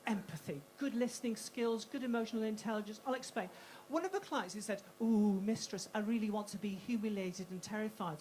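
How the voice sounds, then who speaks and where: A woman performing stand-up in a comedy club, her voice a touch higher than most women's. She fires off punchy lines, stumbles and restarts, and drops quick asides, speaking into a handheld stage mic. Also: background noise. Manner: punchy, self-interrupting delivery with quick asides. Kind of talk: stand-up routine.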